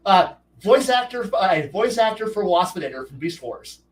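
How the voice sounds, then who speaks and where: Casual male streamer, high voice, rambling storyteller, mic a bit distant. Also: normal speed. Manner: rambling, frequent restarts, animated quoted dialogue. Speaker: streamer host.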